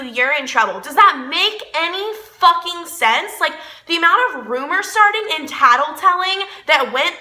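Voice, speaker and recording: A young woman vents a storytime rant straight to her viewers, cursing and sarcastic throughout. Her voice sits a little high and sounds very bright and cutting. The room behind her echoes noticeably. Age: young adult. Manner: profane, heated, sarcastic. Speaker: vlogger. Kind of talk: ranting storytime vlog.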